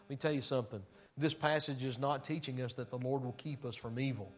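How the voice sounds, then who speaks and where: A man preaching a sermon, emphatic and conversational, swinging between loud declarations and hushed, somber passages. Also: medium pitch, fairly even intonation, fast talker. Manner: conversational asides to the congregation.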